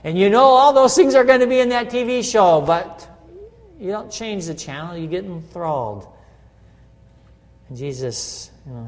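A middle-aged pastor with a high voice preaches at a moderate pace in a church sanctuary, which lends a big-room sound. He stays conversational, regularly asking listeners "right?"

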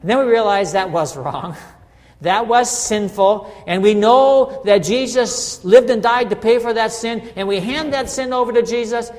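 A man's voice: sits high, moderate pace, darkish tone, long reverb tail. A middle-aged man preaching a conversational sermon as a pastor, often checking in with his listeners. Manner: conversational, asks listeners "right?". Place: church sanctuary.

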